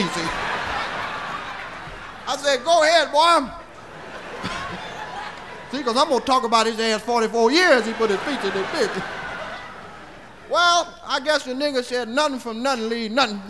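A man's voice: very high voice, noisy background. A man telling a long profane comic story, rowdy and laughing as he acts it out. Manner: rowdy, laughing as he talks, acting out the scene. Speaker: comedian.

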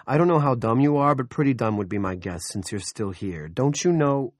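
A man voicing a rough, bullying male cop who barks crude, contemptuous orders in an audiobook. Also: mid-range voice, expressive, a little fast, no echo, clean studio sound, voice pushed up, lightly acted.

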